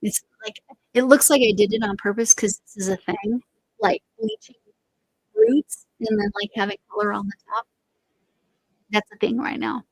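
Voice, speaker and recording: A middle-aged woman chats casually on her crochet livestream, rambling, trailing off, and restarting, with long pauses along the way. Her medium-pitched voice is animated, slightly rough, and slightly going, at a moderate pace. The rough recording has no echo.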